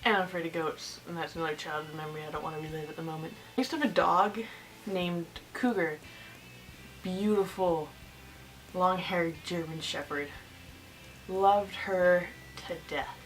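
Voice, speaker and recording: A woman's voice: lowish voice, far from the mic, low-quality recording. A teenage girl vlogging, telling a childhood story in a rambling, giggly way with many fillers. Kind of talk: casual storytelling.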